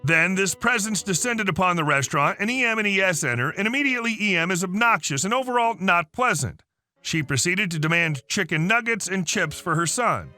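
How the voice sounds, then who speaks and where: Bright, high-voiced male story narrator. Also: animated, fairly quick, soft background music. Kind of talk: reading a story aloud.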